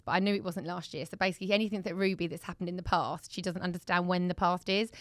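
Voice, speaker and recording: A woman, co-hosting a casual podcast and telling a story with lively acted-out quotes. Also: lowish voice, dry recording. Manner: animated storyteller, acts out voices in quotes. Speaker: podcast co-host. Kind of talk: casual chat.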